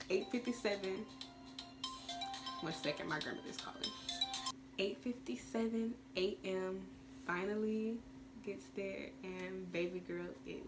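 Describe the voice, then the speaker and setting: A woman's voice: fairly low pitch, fairly even intonation, normal speed, over music. A teenage woman telling a storytime vlog in a chatty, rambling way, full of fillers. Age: teens. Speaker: vlogger. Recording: clear background noise.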